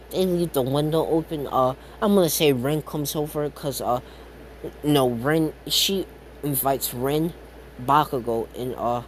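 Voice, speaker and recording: A man's voice: fairly high pitch, darkish tone, a little hiss or hum. A man making up a fan-fiction story as he goes, rambling with many fillers, restarts and casual swearing. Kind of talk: improvised fan-fiction narration.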